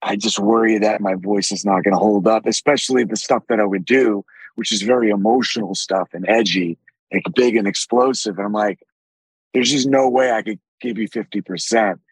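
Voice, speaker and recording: Deep raspy guy on a podcast, husky, cursing his way through stories, dry sound. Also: normal speed, dry recording, low-quality recording. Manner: animated storytelling with frequent swearing. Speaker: actor guest. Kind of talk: casual podcast interview.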